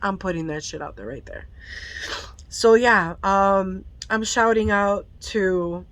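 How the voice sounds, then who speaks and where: In a candid storytime vlog, a mother with a school-age child opens up emotionally, cursing freely and sometimes crying. She speaks slowly and animatedly, her medium-pitched voice fairly bright.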